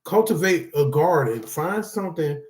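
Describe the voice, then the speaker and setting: A man's voice: fairly high pitch, lively intonation, moderate pace, darkish tone. A man speaking casually to viewers as a support group speaker, reading from notes and giving loose, rambling advice with frequent check-ins like "all right?". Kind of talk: casual motivational talk. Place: indoors, reading from notes to camera.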